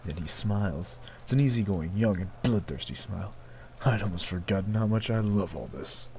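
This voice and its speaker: A man's voice: deep voice, moderate pace, darkish tone, a little hiss or hum. A man streaming a game, talking casually with some swearing and reading the story aloud. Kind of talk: gaming stream commentary and reading. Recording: background game music.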